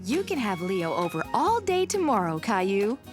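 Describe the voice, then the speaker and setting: A woman voicing a busy, caring young mother in a preschool cartoon, warm and reassuring. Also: medium pitch, very animated, normal speed, close to an everyday voice. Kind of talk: cartoon voice acting. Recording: music underneath.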